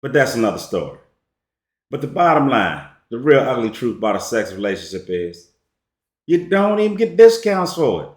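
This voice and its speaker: A man's voice: mid-range voice, big pitch swings, moderate pace. A man giving a casual storytelling monologue as a relationship commentator, slangy and emphatic. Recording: echoey room.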